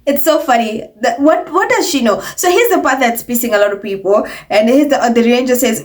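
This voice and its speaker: Woman, commentary vlogger, sarcastic and mocking, fairly high voice, lively delivery. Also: fairly quick, few pauses. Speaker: commentary channel host. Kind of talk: opinionated commentary vlog.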